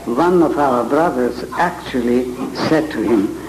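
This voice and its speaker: Guy with a cold teaching a crowd, real slow and dramatic, lots of room echo. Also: medium pitch, noisy background. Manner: slow, emphatic, theatrical stress. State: has a head cold. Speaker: speaker teaching Bible reading. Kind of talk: lecture to a live audience. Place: large hall with audience. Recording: echoey hall with audience ambience.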